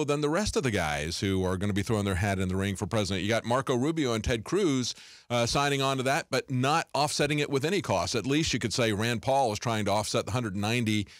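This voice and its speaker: A man hosting an interview, asking long, conversational questions with many filler pauses. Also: mid-range voice, dry recording, clean studio sound. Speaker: show host.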